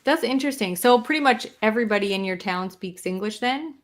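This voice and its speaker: A woman's voice: a little high, expressive, a little fast. A woman co-hosting a podcast in casual chat. She is curious and musing, thinking aloud with many "like" fillers as she asks questions. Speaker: podcast co-host.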